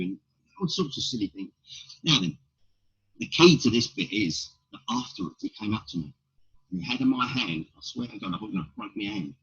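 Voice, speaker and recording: Gravelly bloke, low voice, blunt comic stories, muffled lo-fi sound. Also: male voice, lively intonation, brisk, fairly bright tone. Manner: blunt, rhetorical questions, swearing. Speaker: stand-up comedian. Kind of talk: storytelling in an interview. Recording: dull lo-fi recording.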